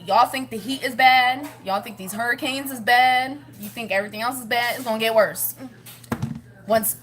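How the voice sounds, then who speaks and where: A woman with a slightly high voice chats to camera for her family vlog. She rambles from one thought to the next and laughs often. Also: moderate pace, a bit bright. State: pregnant, with morning sickness. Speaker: family vlogger. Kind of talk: casual chat to camera.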